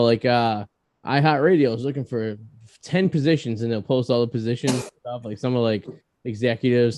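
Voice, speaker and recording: A man's voice: medium pitch, darkish tone, no room sound. A man with a Boston accent hosting a casual podcast interview, cracking self-mocking jokes. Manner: joking, self-mocking banter. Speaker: podcast host.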